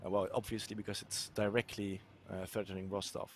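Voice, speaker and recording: A man with a low-ish voice gives casual commentary on the strategy game he's playing. He explains his moves step by step and fills the gaps with plenty of uhs. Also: little pitch movement, brisk, slight background noise.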